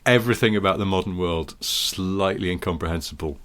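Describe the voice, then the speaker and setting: A man co-hosting a casual podcast chat, joking and slipping into squeaky impressions. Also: a little fast, fairly bright tone. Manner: jokey, breaks into high squeaky impressions. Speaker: podcast co-host.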